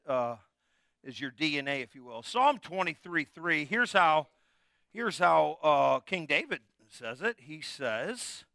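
A man's voice: high voice, pushed and bright, no echo, studio quality. A middle-aged man, a pastor, preaching a conversational, jokey sermon with call-and-response to his congregation.

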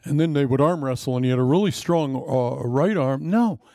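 A middle-aged man preaching a sermon, telling stories in an animated way. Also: mid-range voice, normal speed, no room sound, studio quality.

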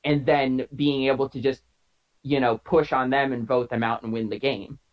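A man's voice: medium pitch, steady tone, moderate pace. A man on a video call arguing his case in a party game, stringing his logic together in long, earnest run-ons. The call audio sounds dull and lo-fi. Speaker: player.

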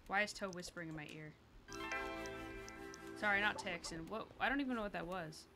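A woman's voice: medium pitch, brisk, over loud music. A woman streamer chatting through a game, swearing freely and poking fun at herself. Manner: chatty, sweary, self-mocking. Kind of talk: casual gameplay commentary.

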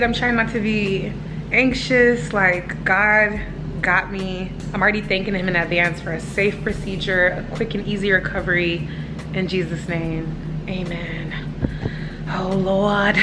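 A young woman with a drawl vlogs from her home, talking straight to the camera in an excitable, chatty way. Her voice sits at an ordinary middle pitch, and it comes through her handheld phone. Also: normal speed, noisy background. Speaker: vlogger. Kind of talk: casual vlog chat.

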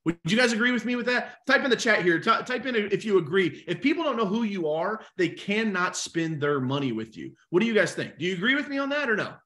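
Energetic male coach, slightly high, very lively delivery, engages the chat. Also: fast, few pauses. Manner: energetic, animated, talks to the chat. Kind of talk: live webinar teaching.

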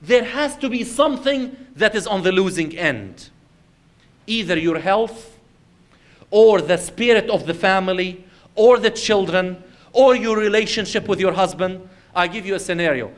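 A man giving an Islamic lecture to his audience. He tells everyday stories and asks rhetorical questions, swinging from loud emphasis to quiet earnestness. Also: high voice, lively intonation, moderate pace.

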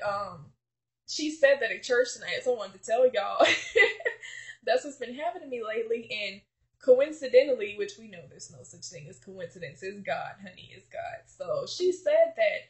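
A woman giving a fervent, gushing faith testimony to viewers, restarting her sentences and calling them honey. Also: a little high. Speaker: faith vlogger. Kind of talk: emotional personal faith testimony.

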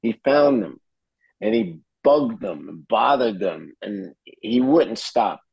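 Lively low-voiced man telling a story. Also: takes it slowly, vocal fry, breathy edge, dry recording, dull audio. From New Jersey, USA. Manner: animated storyteller who acts out quotes. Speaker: guest musician. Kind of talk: casual storytelling interview.

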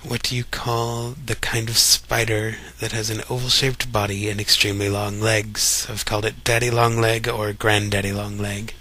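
Young man, Kentucky accent, lowish voice with a bright edge, relaxed and chatty, reads words one at a time. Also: normal speed, few pauses. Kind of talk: casual voice meme reading.

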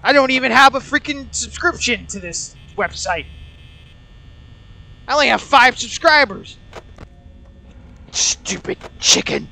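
Jittery high-voiced young man gaming. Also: animated, measured pace, creaky, long pauses, pushed and bright. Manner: jittery, talks nonstop from fear, swears and mutters. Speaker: gaming channel host. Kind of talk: nervous let's-play commentary. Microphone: wearing a mask over the mouth.

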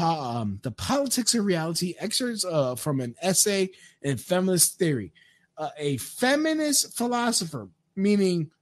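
A man giving a crude, rambling rant, with frequent stammered restarts. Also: sits high. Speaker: commentator. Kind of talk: profane rant commentary.

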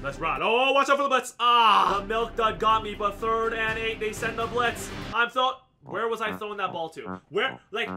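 A gaming streamer giving live gameplay commentary in a hyped, boastful way, chanting catchphrases and yelling at the players. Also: mid-range voice, normal speed, few pauses. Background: game music.

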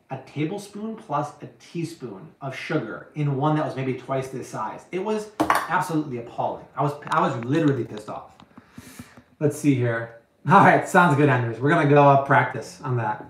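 A man's voice: mid-range voice, roomy sound. A man hosting a live cooking stream, chatting casually and answering viewer questions with slangy, emphatic energy. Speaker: cooking show host.

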